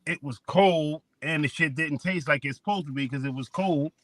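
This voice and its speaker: A slangy man tells a story during a casual radio show chat. His voice sits a bit high, and it sounds dry and close. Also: moderate pace, fairly bright tone, no room sound.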